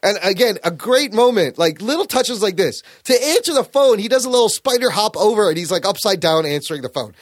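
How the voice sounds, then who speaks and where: A man hosting a podcast, recapping a story in casual chat, animated and swearing freely. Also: high voice, brisk, few pauses, dry recording, studio quality. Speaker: podcast host.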